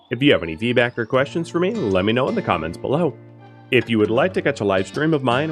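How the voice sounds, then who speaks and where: Lively chatty man streaming a game. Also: mid-range voice. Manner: chatty, thinks aloud, answers chat. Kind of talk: casual live-stream commentary.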